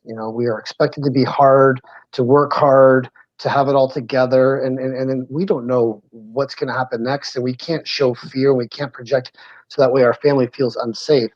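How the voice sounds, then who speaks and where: A man's voice: medium pitch, darkish tone, no echo. A man in his forties, a podcast co-host, talking earnestly and reflectively in a casual panel chat and speaking openly about his feelings. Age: 40s. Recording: dull lo-fi sound.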